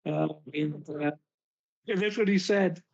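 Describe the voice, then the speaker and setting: A man's voice: fairly high pitch, a little slow, vocal fry. A man chatting about politics on a live talk show, speaking with casual hesitations. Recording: somewhat dull lo-fi audio.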